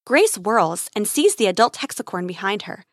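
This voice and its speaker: A woman narrating a children's space adventure story in a lively, expressive read-aloud manner. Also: medium pitch, normal speed, no echo, studio quality.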